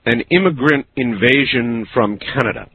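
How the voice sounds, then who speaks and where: A man hosting a call-in radio talk show, speaking in a slow, musing, conversational way. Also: mid-range voice, pushed and bright, breathy edge. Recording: lo-fi radio broadcast with faint hiss.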